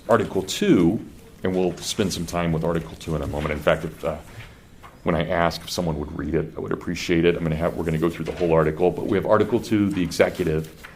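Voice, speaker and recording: A man's voice: low voice, a little hiss or hum. A middle-aged man with a Kansas accent giving a conversational classroom lecture and putting questions to his students. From Kansas, USA.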